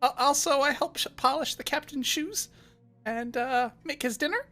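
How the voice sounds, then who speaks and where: A man's voice: very high voice, normal speed, bright, forceful tone, soft background music, voice pushed up. A man voicing a timid, pathetic young male cultist servant who stammers and tries hard to please. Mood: nervous pleading.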